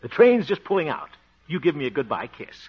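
A man's voice: on the high side, sing-song, a little fast, slightly rough. A man playing a vain, scheming small-town radio singer in a radio comedy, chuckling and pleased with himself. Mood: sly flirting. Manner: chuckling, self-pleased, playfully sly. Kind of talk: 1940s radio acting. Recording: muffled old radio broadcast with loud hiss.

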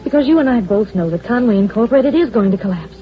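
A woman playing a bitter, sharp-tongued secretary. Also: a little high, expressive, fast, close to an everyday voice. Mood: pleading. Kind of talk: 1940s radio acting. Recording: dull lo-fi old radio recording with music.

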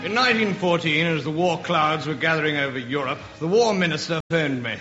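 A man's voice: on the high side, brisk, loud music behind the voice, lightly acted. A man putting on a plummy old colonel. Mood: pompous. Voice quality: posh, plummy. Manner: rambling, self-satisfied. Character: pompous old retired First World War colonel. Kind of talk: comic radio sketch acting. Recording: echoey muffled old radio recording.

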